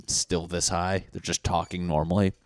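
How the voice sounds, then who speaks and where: A young man hosting a solo comedy podcast, swearing and riffing, acting out angry neighbors in loud mock voices. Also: sits low, flat delivery, moderate pace, no room sound. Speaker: podcast host.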